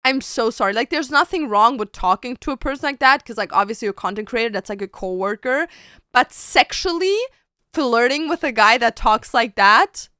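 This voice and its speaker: A woman streamer talks casually and bluntly to her viewers, with plenty of swearing and "babes." Her voice is fairly high, bright and crisp, close and dry. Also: expressive, normal speed, no echo. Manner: blunt, profane, keeps calling listeners babes.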